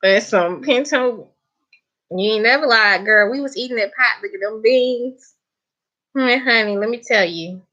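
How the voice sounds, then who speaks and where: A young Southern woman with a bright, forceful voice pitched a little high chats casually to her viewers. She is playful and emphatic and laughs often. The sound is dull and lo-fi, like live-stream audio. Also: measured pace. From Southern United States. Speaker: cooking channel host.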